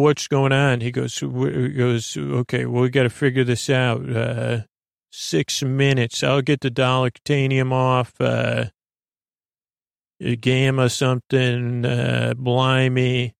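Male podcast host with a gravelly, even-toned delivery, rambling through a sleepy retelling. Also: mid-range voice, no room sound, studio quality. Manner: meandering, full of filler words.

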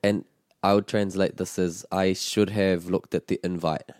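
A deep, mellow-voiced man works through phrases in a language lesson. He explains each one patiently and models how to say it. The sound is close and dry. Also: level tone, a little slow, no room sound. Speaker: te reo Māori teacher.

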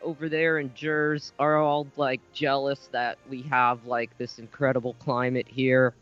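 A woman's voice: extremely low pitch, little pitch movement, unhurried, soft background music. A woman calling in to a radio show, chatting casually with lots of fillers. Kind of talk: casual call-in chat. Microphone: phone. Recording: dull phone line.

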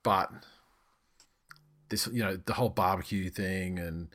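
A man's voice: deep voice, fairly even intonation, measured pace, fairly bright tone. A man hosting a casual sports podcast, talking loosely and reading out team news. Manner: loose and chatty, swears, reads out team news. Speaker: podcast host.

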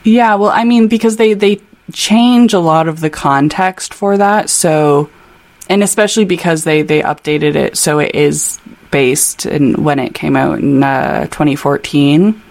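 A chatty woman co-hosting a casual book podcast, trading quick asides and giggles. Her voice sits a little low for a woman. She keeps an easy, loose conversational flow. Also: gravelly, a little mellow. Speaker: podcast co-host. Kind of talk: casual book-club chat with read-aloud passages.

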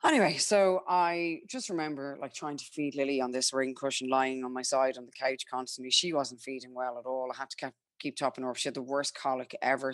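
A woman's voice: a bass voice, dry recording, clean studio sound. A young Irish woman telling her own story frankly and chattily, quoting herself and others as she goes. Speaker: guest sharing her story. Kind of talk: candid personal storytelling.

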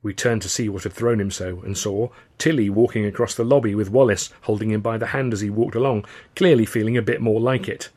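A man's voice: on the low side, fairly even intonation, fairly quick, darkish tone. A man reading his own novel aloud with a wry storyteller's delivery. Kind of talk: scripted narration.

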